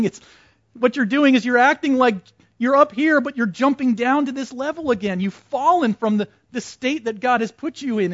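A man's voice: high-pitched, dry recording, dull audio. A man teaching a Bible study class in a conversational way, putting questions to the group and repeating their answers back to them.

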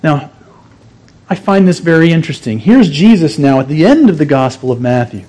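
A man's voice: a little high, sing-song, a little fast, mellow. A man preaching a sermon, teaching earnestly and stressing key phrases through repetition. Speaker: pastor.

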